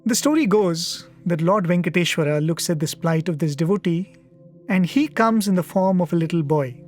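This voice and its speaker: A man with a somewhat raised pitch tells a devotional story at a satsang, earnest and reflective. He pauses often and leans on small fillers as he goes. Faint music sits far behind his studio-recorded voice. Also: darkish tone. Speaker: satsang speaker. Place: media centre studio.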